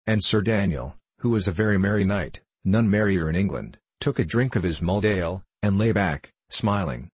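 A man narrating a classic novel in a measured, even storytelling manner on a close studio mic. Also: deep voice, husky, dry recording. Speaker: audiobook narrator.

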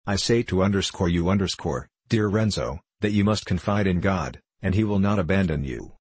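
A man reading the lines of a gentle, earnest older friar in an audiobook, solemn and consoling in manner. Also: deep voice, expressive, moderate pace, husky, no room sound. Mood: solemn consolation.

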